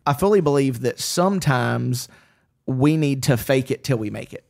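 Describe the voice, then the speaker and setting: Pastor type, fairly high gravelly voice, earnest and lively, chatty podcast delivery. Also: male voice, measured pace. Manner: earnest, animated storyteller with frequent restarts. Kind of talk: casual podcast discussion.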